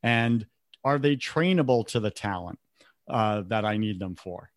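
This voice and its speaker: A man's voice: on the low side, lively intonation, a little slow, no room sound, clean studio sound. A man talking earnestly in short reflective phrases in a casual podcast conversation, as a business coach.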